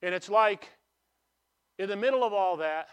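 A man preaching a sermon in a conversational way, asking rhetorical questions and swinging between emphatic and hushed delivery. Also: high-pitched, normal speed, clear, resonant tone.

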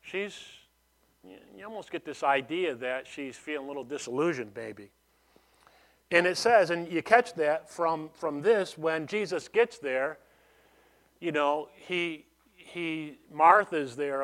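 A man delivers a sermon in an easygoing, conversational way, pausing to restart phrases. His voice is slightly higher than most men's. He takes his time with each phrase. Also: fairly bright tone. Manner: conversational preaching, frequent restarts and "you know". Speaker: pastor.

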